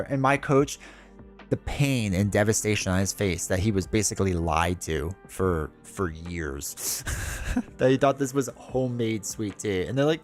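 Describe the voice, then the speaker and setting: A man's voice: medium pitch, moderate pace, faint music behind. A man chatting casually with viewers on a livestream, rambling through stories and laughing often. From United States. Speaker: streamer.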